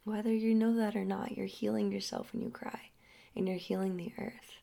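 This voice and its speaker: Woman, young adult, gentle reflective storytelling, breathy half-whisper, gravelly edge. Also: medium pitch, little pitch movement. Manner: slow, soft and drawn out, often dropping into a breathy half-whisper. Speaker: healing guide.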